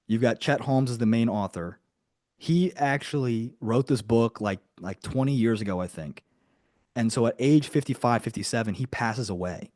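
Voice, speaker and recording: A man running a live online coaching lesson for business owners, talking in an energetic, chatty way with many asides. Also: mid-range voice, dry recording, clean studio sound.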